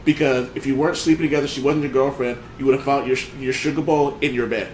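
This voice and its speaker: A man's voice: medium pitch, steady tone, quick pace, roomy sound, heavy background noise. A man hosting a casual podcast chat, rambling with lots of fillers and restarts as he tells a story. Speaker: podcast host.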